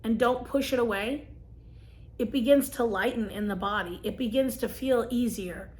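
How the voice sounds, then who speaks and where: A woman, telling a personal story and giving gentle, earnest advice to camera as a vlogger. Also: on the high side, normal speed. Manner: earnest, gentle, emotional at times.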